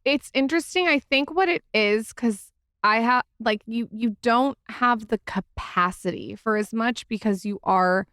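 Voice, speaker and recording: A woman hosting a podcast interview, speaking gently with many stammers and restarts. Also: a little high, a little slow, smooth, no room sound, studio quality. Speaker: podcast host. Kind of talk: casual interview chat.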